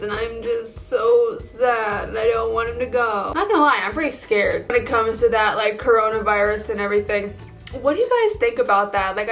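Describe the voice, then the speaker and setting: A young woman beauty vlogger talks through her makeup in a casual, gushing way, filling her sentences with "like". Her voice sits a little high, with soft music playing faintly behind her. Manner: chatty and gushing, full of "like" fillers. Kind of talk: casual get-ready-with-me makeup chat.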